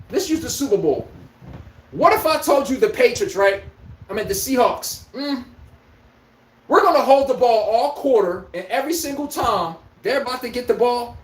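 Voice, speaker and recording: A man rants about basketball on his own podcast, throwing in profanity and rhetorical questions as sports commentary. His very high-pitched voice is expressive at a moderate pace, recorded in an echoey room.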